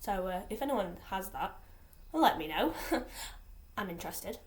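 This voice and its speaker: A woman's voice: medium pitch, animated, a little slow. A teenage girl from England chatting aimlessly in a casual vlog, full of fillers and restarts. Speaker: vlogger. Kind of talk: rambling casual vlog chat.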